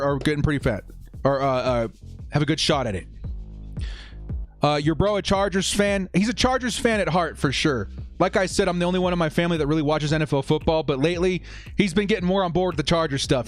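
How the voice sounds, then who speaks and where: A young man hosting a live watch-party stream, chatting with viewers and getting excited over each play. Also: on the high side.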